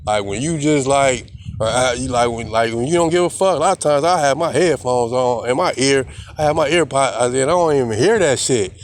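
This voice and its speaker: A man's voice: mid-range voice, a little fast, slight background noise. Defiant rambling man with AAVE slang. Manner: heavy slang and profanity. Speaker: vlogger. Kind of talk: casual monologue to camera.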